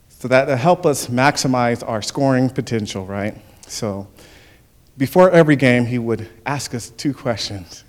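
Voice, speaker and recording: Man giving a church testimony, lively, chuckling storyteller. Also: mid-range voice. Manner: animated storytelling with frequent chuckles. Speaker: church speaker. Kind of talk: spoken testimony.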